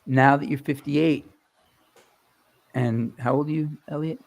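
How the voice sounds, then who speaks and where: A man's voice: a little high, steady tone, a little slow, gravelly, darkish tone. A man hosting a casual talk show, asking teasing, joking questions. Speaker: host. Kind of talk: casual chat.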